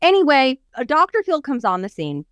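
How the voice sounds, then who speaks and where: Animated high-voiced woman telling a story. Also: a little fast, clean tone, dry recording, studio quality. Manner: animated storyteller who acts out quotes. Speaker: podcast co-host and business coach. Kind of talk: casual podcast chat.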